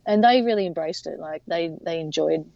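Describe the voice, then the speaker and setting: A woman's voice: sits low, fairly quick, vocal fry, darkish tone, no room sound. A woman, telling her story as an interview guest in a chatty way full of fillers and restarts. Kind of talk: casual storytelling. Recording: dull lo-fi sound.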